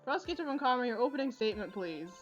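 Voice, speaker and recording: A woman's voice: on the high side, expressive, very fast, dull audio, soft background music, natural voice. Woman reading as a formal old game judge. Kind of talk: reading game dialogue aloud.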